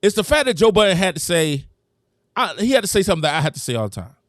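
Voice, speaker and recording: Animated man hosting a sports live stream. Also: high-pitched, fast talker, dry recording, clean studio sound. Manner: animated, emphatic, thanks viewers, talks straight to chat. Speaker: host.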